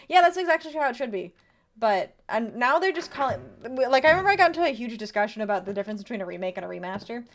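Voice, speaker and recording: Streaming a horror game, a young woman with a fairly high voice talks casually with her viewers, greeting them and reading their messages. She mutters quietly, then bursts out in sudden excitement, over a little hiss or hum.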